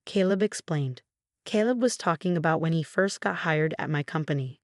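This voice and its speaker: Young woman, story narrator, low-ish voice, dry, even delivery. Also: normal speed, no echo. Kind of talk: scripted first-person story narration.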